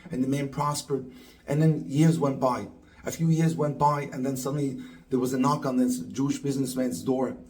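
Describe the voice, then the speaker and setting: A man, a rabbi and dating coach, telling a moral story and acting out the quoted lines in lively voices. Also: mid-range voice, low-quality recording.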